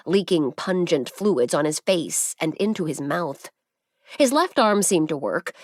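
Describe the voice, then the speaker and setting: Woman, audiobook narrator, measured storytelling, lower voice, dry close recording. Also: no echo.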